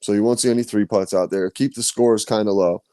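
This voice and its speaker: A man's voice: lowish voice, fairly even intonation, brisk, mellow, clear, resonant tone, dry recording, clean studio sound. A man hosting a podcast, telling stories in loose, profane casual chat. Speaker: podcast host.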